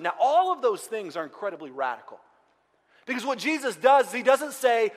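A man preaching a sermon as pastor, moving between loud outcries and hushed, quiet passages. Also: high-pitched, animated, a little fast. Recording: long hall reverb.

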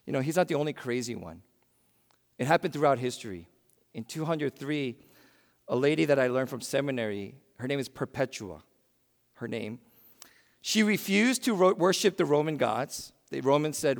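A man preaching a sermon in a church, swinging between loud emphatic bursts and hushed, quiet lines. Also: medium pitch, animated, normal speed, creaky, long reverb tail. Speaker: pastor.

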